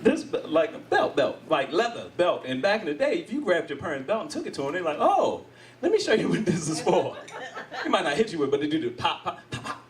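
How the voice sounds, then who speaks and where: Recorded on a distant mic, a middle-aged man from the United States performs stand-up for a live audience, working the crowd with plenty of laughter and impressions of other people. He talks quickly in a fairly high pitch.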